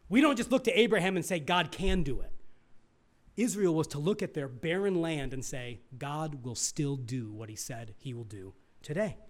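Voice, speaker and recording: A middle-aged male pastor preaching a sermon, asking the congregation questions and swinging from loud emphasis to near hushed asides. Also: a little high.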